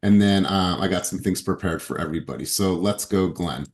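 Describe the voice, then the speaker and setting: A man's voice: low voice, a little fast. Upbeat man hosting a video call. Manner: upbeat, encouraging, pep-talk delivery. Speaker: group call host. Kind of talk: motivational group video call.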